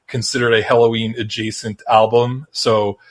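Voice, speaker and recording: Rambling, halting male podcast co-host. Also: mid-range voice, little pitch movement. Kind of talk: casual chat.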